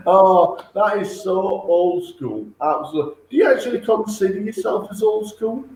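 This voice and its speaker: High-voiced enthusiastic interviewer, echoey room. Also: male voice, moderate pace, darkish tone, a little hiss or hum. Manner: enthusiastic, short reactions. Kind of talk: casual interview.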